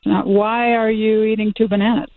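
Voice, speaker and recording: A woman's voice: on the high side, flat delivery, normal speed, background noise. A woman being interviewed by phone as an exercise expert, answering in a kind, earnest way. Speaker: phone guest, exercise physiologist. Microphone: phone line. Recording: dull phone line.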